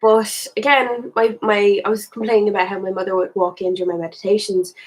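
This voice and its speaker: A woman's voice: medium pitch, little pitch movement, brisk, darkish tone, low-quality recording. An Irish woman talking candidly in a casual reflective monologue, rambling and thinking aloud as she goes. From Ireland. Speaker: spiritual vlogger.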